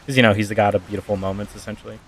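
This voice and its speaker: Man, casual story retelling, rambling, filler-heavy, lowish voice. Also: little pitch movement, rapid-fire, slight background noise. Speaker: streamer.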